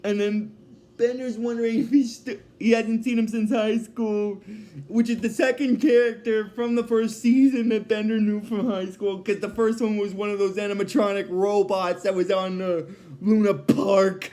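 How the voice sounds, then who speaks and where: A man's voice: sits high, flat delivery, unhurried, mellow. A man casually recapping a cartoon episode, rambling, often restarting his sentences and laughing at his own retelling.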